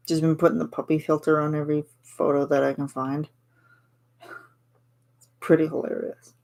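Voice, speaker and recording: A woman's voice: low voice, little pitch movement, moderate pace, gravelly, a little mellow. A woman from Canada chatting casually with her viewers on a stream, giggling and answering chat. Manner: chatty and giggly, reads chat replies aloud.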